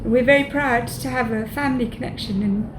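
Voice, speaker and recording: A woman's voice: a little high, a little fast. A woman visiting a hospital, giving an emotional thank-you with her voice wavering. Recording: echoey room with loud noise.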